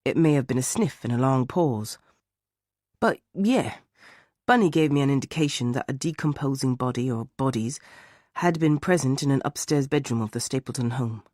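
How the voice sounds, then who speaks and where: A man's voice: medium pitch, normal speed, darkish tone, dry recording, studio quality, close to an everyday voice. A man voicing a middle-aged male dog handler with a Northern English accent, a defensive witness who hesitates. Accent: Northern English, Leeds.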